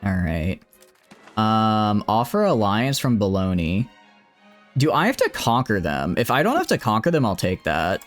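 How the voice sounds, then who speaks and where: A man's voice: on the low side, sing-song, unhurried, soft background music. A man streaming a strategy game live, rambling and correcting himself as he chats with viewers. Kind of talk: live gameplay commentary.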